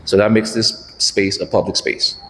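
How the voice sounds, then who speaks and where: A man's voice: fairly low pitch, flat delivery, normal speed, sharp tone, slight background noise. A man arguing insistently while filming inside a building, recorded on his own camera. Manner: argumentative, insistent. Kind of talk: confrontational exchange.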